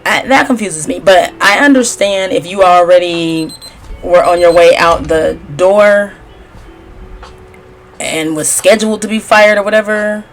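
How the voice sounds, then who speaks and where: A woman's voice: on the low side, unhurried, soft background music. A woman giving a casual, sassy gossip recap as a tarot reader, chatty and opinionated. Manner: chatty and sassy, mimics cast members in a raised voice.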